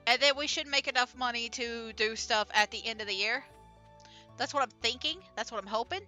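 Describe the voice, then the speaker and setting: A young adult woman streams a farming game, chatting casually over soft background music with plenty of fillers, restarts and giggles. Her voice is fairly high, bright and pushed, at a normal speed, as she gives relaxed gameplay commentary.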